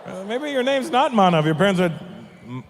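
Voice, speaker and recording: A man from Canada doing a stand-up comedy set, teasing the crowd in an animated, mocking way that rises to shouts. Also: high voice, fast, vocal fry, noisy background. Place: large comedy venue with audience. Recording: live stage recording in a reverberant hall.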